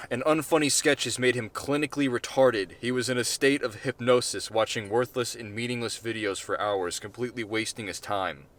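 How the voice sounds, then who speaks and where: A man reading his own short story aloud in a deadpan way, with casual, offhand asides. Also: mid-range voice, normal speed.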